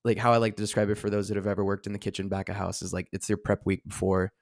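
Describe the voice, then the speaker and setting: A man's voice: on the low side, flat delivery, rapid-fire, no room sound, clean studio sound. A man co-hosting a casual podcast, rambling with lots of filler words and restarts. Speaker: podcast co-host. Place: studio seated across from co-host.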